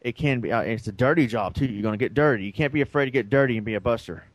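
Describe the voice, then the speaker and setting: A man's voice: medium pitch, rapid-fire, no echo. A man co-hosting a podcast, telling a long story in a rambling, casual way and acting out the lines of the people in it. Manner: rambling, acts out quoted dialogue. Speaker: podcast co-host.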